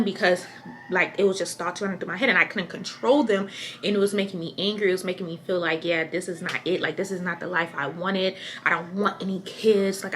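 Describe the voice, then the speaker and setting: A woman's voice: medium pitch, a bit bright, slight background noise. A pregnant young woman talking candidly to camera in a casual vlog, chatty and rambling, often repeating herself. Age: young adult. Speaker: vlogger.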